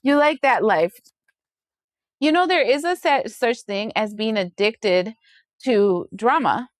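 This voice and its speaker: A woman giving a casual tarot reading, sassy and chatty, acting out other people's voices with big jumps in pitch. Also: lively intonation, takes it slowly, no echo, clean studio sound. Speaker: tarot reader.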